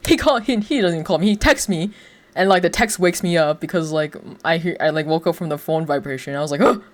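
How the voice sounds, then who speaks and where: A man's voice: a little high, fast talker. A young man streaming, telling a story in a rambling, casual way, full of fillers and frequent laughs. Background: faint music.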